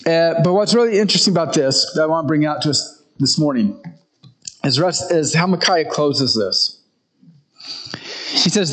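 A man preaching a conversational sermon, retelling a story in a relaxed way and often restarting his sentences. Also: on the high side, moderate pace, pauses often, poor audio.

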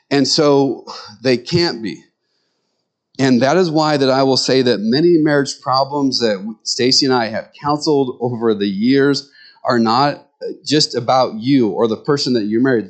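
A male pastor preaching with humorous stories, acting out the voices he quotes. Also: mid-range voice. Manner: storytelling, acts out quoted voices. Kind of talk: sermon with humorous anecdotes.

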